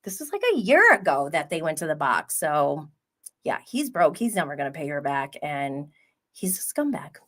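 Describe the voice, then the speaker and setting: A woman's voice: sits low, moderate pace. A young woman hosting a livestream, chatting casually and gossiping about reality TV, acting out what people said and swearing freely. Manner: gossipy, animated, swears freely, acts out quotes. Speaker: livestream host recapping reality TV.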